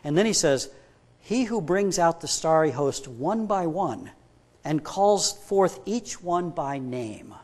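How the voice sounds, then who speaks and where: A man's voice: fairly high pitch, lively intonation, slow pace. A man preaching a sermon, stressing his points with rhetorical questions and retelling a story by acting out both people in it. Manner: emphatic, builds up with rhetorical questions. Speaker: pastor.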